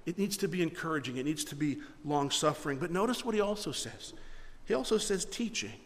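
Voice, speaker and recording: A man's voice: fairly high pitch, animated, brisk, long reverb tail. A middle-aged man preaching a sermon as pastor, earnest and emphatic, his volume rising and falling. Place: church hall with live congregation.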